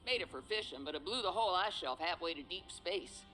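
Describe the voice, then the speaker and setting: An actress voicing a blunt, strong-willed female mercenary in a video game, talking in a gruff, bossy, sardonic way. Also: fairly low pitch, animated, a little fast, music in the background, close to an everyday voice, poor audio. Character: tough, blunt woman survivalist mercenary.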